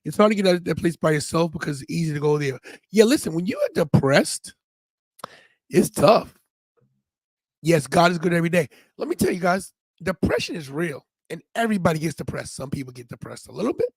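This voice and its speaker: A man co-hosting a wrestling watch-along podcast, talking loud and excitable in casual chat, often cutting in over his co-host. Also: fairly high pitch, brisk, breathy edge, no echo.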